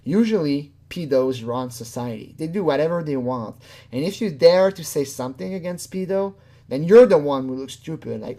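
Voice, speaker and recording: A host talking casually into a home desk mic, reacting to a clip with scorn and swearing. The voice sits at a middle pitch and keeps jumping up into a high, whiny voice for mocking impressions. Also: expressive, moderate pace, warm tone. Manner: mocking, profane, mimics others in a high whiny voice. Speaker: commentary channel host.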